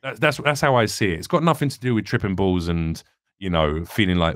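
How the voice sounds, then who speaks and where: A man's voice: fairly low pitch, expressive, brisk, no room sound, clean studio sound. A young man, a comedian guest talking earnestly and reflectively in a candid podcast conversation. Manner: earnest, reflective, rambling with restarts.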